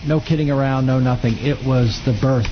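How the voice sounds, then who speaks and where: A government official answers questions in a taped studio interview, measured and earnest. A clear hiss runs behind his voice. The audio sounds dull. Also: medium pitch, fairly even intonation.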